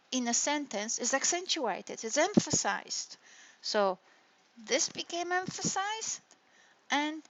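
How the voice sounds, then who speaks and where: Slow, patient woman lecturer, slightly high. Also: a bit bright. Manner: explains step by step, often checks in with "right?" and "hey?". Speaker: university lecturer. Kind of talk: recorded online lecture on intonation. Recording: dull lo-fi lecture recording.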